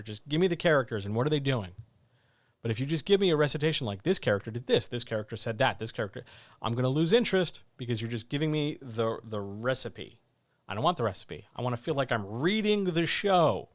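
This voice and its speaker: A man's voice: mid-range voice, animated, a little fast, no echo. A man hosting a casual writing chat, teaching with blunt, wry emphasis and lots of repetition. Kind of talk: casual instructional talk.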